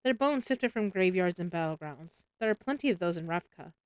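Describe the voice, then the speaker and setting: A woman voicing a playful, quick-witted young woman in a read-aloud story, close to her own voice. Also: lowish voice, animated, clear, resonant tone, lightly acted. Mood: teasing.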